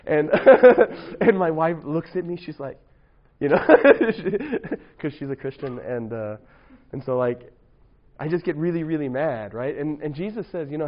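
A man's voice: a little high, lively intonation, unhurried, highs cut off. A man preaching to young people in a casual, joking way, often tossing in "right?" asides. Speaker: youth pastor.

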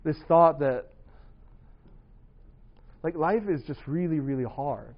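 A man's voice: a little high, slow, highs cut off. Earnest man telling his life story. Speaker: speaker sharing his testimony. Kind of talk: personal testimony talk.

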